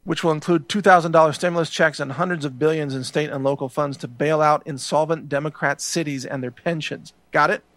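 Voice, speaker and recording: A man's voice: a little high, steady tone, fairly quick, few pauses, fairly bright tone, dry recording. A middle-aged man hosting a political show, speaking in a heated, ranting monologue that often repeats words. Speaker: show host.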